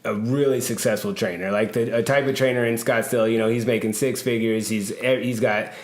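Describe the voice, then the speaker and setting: A man's voice: on the low side, fairly even intonation, fairly quick. A man hosting a casual podcast, telling a long story with lots of fillers and laughs. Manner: rambling, laughing, many fillers. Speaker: podcast host and personal trainer. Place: gym or studio room. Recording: echoey room.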